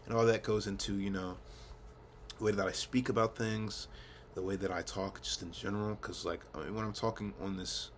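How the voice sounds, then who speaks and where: Deep-voiced young man rambling casually. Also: fairly even intonation, a little fast, slight background noise. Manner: laid-back, swears often, laughs at himself, fillers and restarts. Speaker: vlogger. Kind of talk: casual rambling monologue to camera. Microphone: camera mic.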